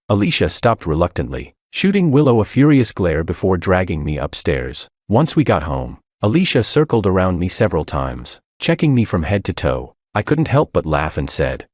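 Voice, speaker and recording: A man's voice: deep voice, big pitch swings, moderate pace, hardly any pauses, darkish tone, dry recording, clean studio sound. A man narrating a romance story in first person with dramatic, scripted delivery.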